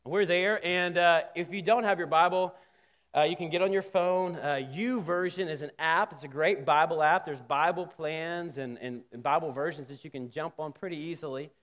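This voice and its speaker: A man with a notably high-pitched voice gives a sermon in a conversational style. He keeps restarting his phrases and pushes up into sudden emphatic rises. His voice rings out with a long reverb, as if he is in a big sanctuary. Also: fairly even intonation, normal speed, a bit bright. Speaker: pastor.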